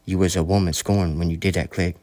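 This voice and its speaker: A man with a very deep, low voice holds forth in a rambling monologue. He sounds preachy and profane, circling back on his points as he lectures. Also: fairly even intonation, brisk, darkish tone.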